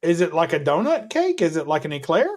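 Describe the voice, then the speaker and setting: A man's voice: a little high, sing-song, brisk, a little mellow. A man in casual group chat who jokes, teases and acts mock-incredulous. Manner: teasing, joking, mock-incredulous.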